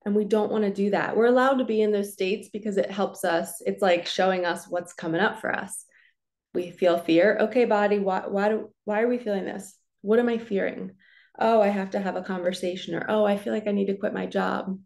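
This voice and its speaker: A woman, a spiritual coach, giving a relaxed, chatty card reading and talking her listeners through slow belly breathing. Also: medium pitch, vocal fry. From New Jersey. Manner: relaxed, chatty, reassuring, lots of "like" and "so".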